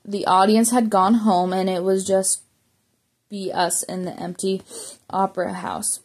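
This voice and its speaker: A woman's voice: mid-range voice, level tone, a little slow, darkish tone. A woman reading a memoir aloud as an audiobook, plainly, with small slips and self-corrections. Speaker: audiobook reader.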